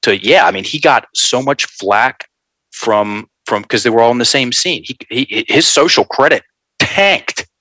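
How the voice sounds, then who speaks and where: A man telling a story in an animated, folksy way, calling his listeners folks. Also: mid-range voice, a little slow, no echo, low-quality recording. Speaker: guest.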